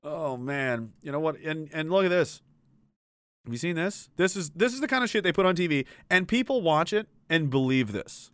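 A man's voice: fairly high pitch, animated, moderate pace, clear, resonant tone, no room sound. A man giving ranting political commentary, sarcastic and exasperated, with swearing.

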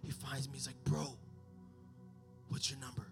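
A young man preaching a sermon, telling stories and building up to shouted climaxes. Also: mid-range voice, monotone, quick pace, music in the background.

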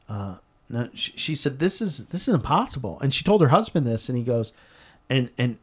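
A man being interviewed, telling a story in a conversational way, earnest and animated, with frequent restarts. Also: medium pitch. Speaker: interview guest.

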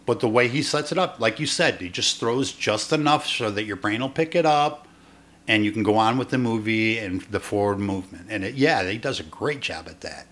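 A man co-hosting a casual movie podcast who retells scenes with lively reactions and frequent swearing. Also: lowish voice, a little fast. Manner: animated storyteller, profane, acts out reactions. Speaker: podcast co-host. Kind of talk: casual movie review chat.

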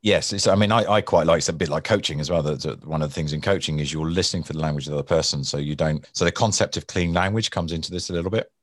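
A man with an extremely deep, low voice talks through his experience in a relaxed interview. He repeats himself and restarts sentences, then acts out heated exchanges with lively energy. The sound is dry and close, with no room echo. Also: very fast, few pauses. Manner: animated storytelling, acts out angry people. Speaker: guest, former hostage negotiator. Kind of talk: conversational interview.

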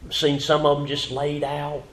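A male pastor preaches fervently in a church sanctuary. His voice sits a little high for a man. He swells to loud emphatic runs, then falls to a hushed whisper. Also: completely flat delivery, moderate pace, echoey room, slight background noise. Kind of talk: sermon.

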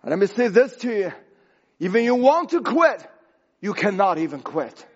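A man preaching a sermon as pastor, impassioned and rising to shouts, with broken grammar. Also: high-pitched, sing-song, normal speed, breathy edge, lo-fi sound.

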